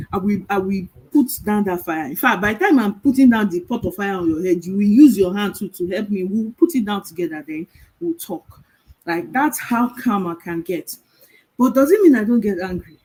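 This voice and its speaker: Lady coaching virtual assistants, kinda high but mellow, a bit husky, calm storytelling. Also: low-quality recording. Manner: calm, storytelling, emphatic with rhetorical questions. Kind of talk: motivational talk.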